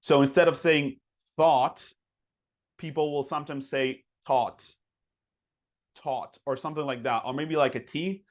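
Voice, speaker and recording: Man, native Spanish speaker, casual webinar teacher, filler-heavy chat, slow modeled words. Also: a little high, fairly even intonation. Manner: chatty, many fillers, slows down to model words. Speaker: pronunciation teacher.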